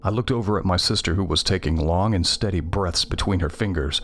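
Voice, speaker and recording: A man reading a scripted first-person horror story in a measured, tense way. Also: deep voice, fairly bright tone, a little hiss or hum. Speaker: narrator.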